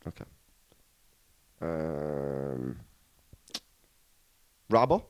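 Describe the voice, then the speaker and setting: A man's voice: rumbling low, sing-song, drawn-out words, highs cut off. An Irish man, a comedian co-hosting a podcast, telling stories in casual chat, swearing and laughing often. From Ireland. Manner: swearing, joking storyteller who laughs often.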